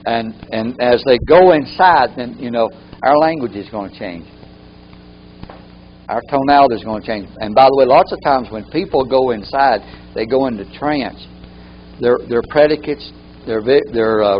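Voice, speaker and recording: A man's voice: mid-range voice, normal speed, highs cut off, slight background noise. A man teaching a live training workshop, often repeating key phrases for emphasis.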